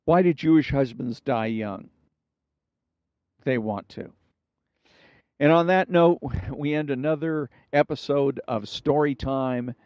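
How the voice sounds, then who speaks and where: A man hosting a storytelling show, telling jokes and anecdotes in a relaxed, conversational way. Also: mid-range voice, takes it slowly, long pauses, no echo. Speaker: storyteller host. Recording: dull, dry recording.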